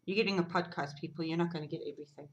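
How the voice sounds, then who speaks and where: A South African woman hosting a knitting podcast, chatting casually and gushing excitedly over gifts and yarn, sometimes dropping to a whisper. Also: lowish voice, racing, lo-fi sound. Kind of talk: casual unboxing chat.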